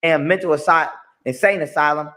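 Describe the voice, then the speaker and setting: A man's sharp, high-leaning voice holds fairly even intonation as he talks a little fast in a played clip. He launches into an emphatic rant about his own experiences, going over the same points and swearing a lot.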